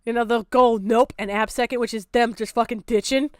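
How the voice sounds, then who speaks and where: A young woman streaming her reaction, talking in a high, bright voice with blunt, profane exasperation. Her complaints often climb into shouting disbelief. The sound is dry and close, with no room echo. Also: fairly even intonation, fairly quick. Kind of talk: casual reaction commentary.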